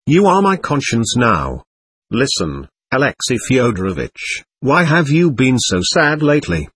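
A man's voice: medium pitch, a bit bright, breathy edge. A man reading the part of a playful, teasing young woman who speaks eagerly and fervently.

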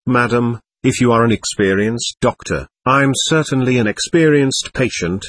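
A man voicing a desperate, nervous young man who pleads frantically and overly politely, with a husky voice. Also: medium pitch, normal speed, fairly bright tone, close to an everyday voice. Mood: pleading.

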